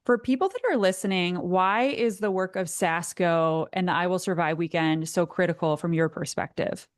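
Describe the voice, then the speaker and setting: Podcast host lady, low smooth voice, dry close sound, thankful and warm toward her guest. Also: moderate pace, no echo. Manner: appreciative, thanks the guest at length. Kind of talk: interview questions.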